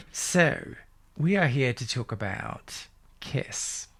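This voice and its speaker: Gravelly-voiced male interviewer, giggly. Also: medium pitch, expressive, drawn-out words, no echo. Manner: giggly, laughs often. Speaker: podcast host, interviewer. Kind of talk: casual interview chat.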